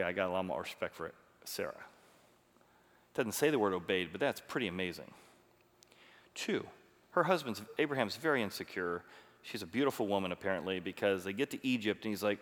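A pastor gives an animated, conversational sermon and asks his listeners many questions. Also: on the low side. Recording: long reverb of a large hall.

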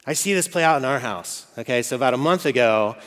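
Joking pastor in a reverberant hall. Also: male voice, mid-range voice, animated, fast, a bit bright. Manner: conversational and joking, with frequent "okay?" and "right?". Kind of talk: sermon.

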